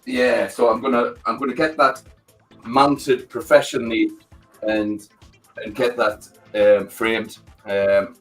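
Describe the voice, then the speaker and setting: A man's voice: medium pitch, flat delivery, slow pace, faint music behind. A middle-aged man, chatting casually with a friend as co-host, calling him mate and swearing freely. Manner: chatty, matey, swears freely, many fillers. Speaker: podcast co-host. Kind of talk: casual chat between friends.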